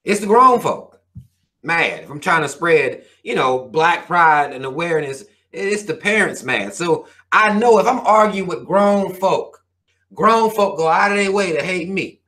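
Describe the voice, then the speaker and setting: A man's voice: high-pitched, lively intonation, a little slow, sharp tone. A man hosting his own channel, reading viewer comments and ranting in a heated, profane, preachy way. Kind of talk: casual rant to viewers.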